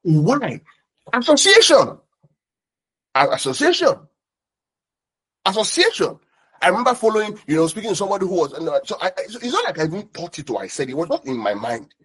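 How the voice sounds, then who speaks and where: Animated young preacher. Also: male voice, sits high, fast, slightly rough. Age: young adult. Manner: animated, repeats words, many fillers. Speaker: pastor. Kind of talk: sermon.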